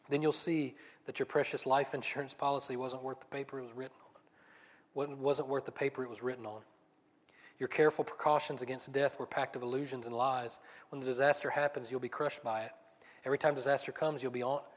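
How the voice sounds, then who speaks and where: A man preaching a sermon, reading scripture passages aloud and then explaining them in a relaxed, conversational way. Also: mid-range voice. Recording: long reverb.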